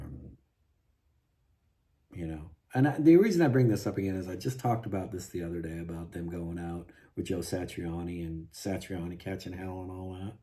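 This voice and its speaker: Frustrated man venting, mellow low voice. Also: moderate pace. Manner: frustrated, rambling, many restarts and "you know". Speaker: guitar vlogger. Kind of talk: casual venting monologue.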